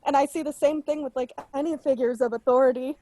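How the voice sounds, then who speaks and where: A woman's voice: high-pitched, steady tone, fast, warm tone, dry recording, low-quality recording. A woman co-hosting a podcast over a video call, speaking emphatically and backing up the man telling the story. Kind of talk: casual chat.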